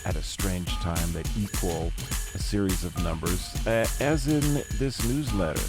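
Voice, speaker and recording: A man hosting a podcast, rambling through a casual comic monologue full of jokey, self-mocking asides. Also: low voice. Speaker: podcast host.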